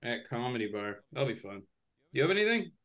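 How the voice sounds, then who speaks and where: A man co-hosting a casual comedy podcast, dry and deadpan. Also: mid-range voice, fast talker. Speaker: co-host, comedian. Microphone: remote call.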